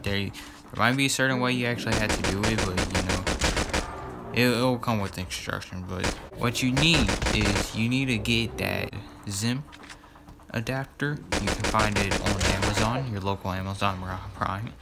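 A gaming YouTuber with a fairly low voice rambles through casual commentary at a moderate pace over loud music. He repeats words and fills gaps as he goes, and loud gameplay gunfire runs underneath.

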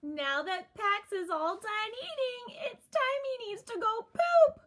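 A woman's voice: very high voice, slow, a bit bright. A woman narrating a toy unboxing off camera, gushing and giggly in a sing-song way. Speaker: toy reviewer.

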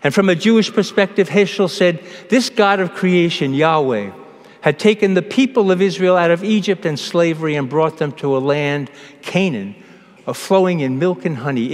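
A man who is a priest, giving a homily in a measured preaching manner with pauses and restarts, recorded in a church. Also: fairly high pitch, animated. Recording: long church reverb.

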